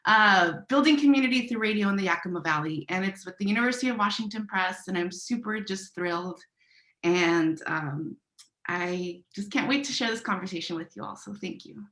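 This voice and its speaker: A woman's voice: mid-range voice, a little fast, a bit bright. An emotional woman academic introduces herself on a video call. Her voice sits in a roomy, echoing space with plenty of reflection. She sounds moved and grateful throughout. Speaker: assistant professor. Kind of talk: webinar introduction.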